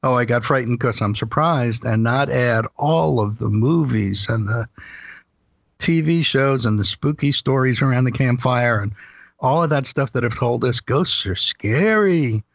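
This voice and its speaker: Calm gravelly man explaining plainly. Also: medium pitch, unhurried, no echo. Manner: calm, explanatory, matter-of-fact. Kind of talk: casual conversation. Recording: dry, slightly dull sound.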